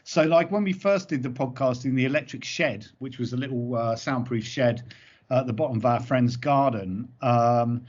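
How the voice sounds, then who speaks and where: A male comedy performer giving interview answers as an animated, rambling storyteller. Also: mid-range voice, moderate pace. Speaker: comedy double-act performer. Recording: dull lo-fi recording.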